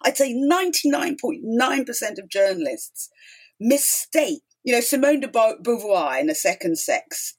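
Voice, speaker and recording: Middle-aged woman guest, breathy, lively pitch, emphatic storyteller who acts out quotes. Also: normal speed. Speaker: guest, talk show host. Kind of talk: storytelling interview chat.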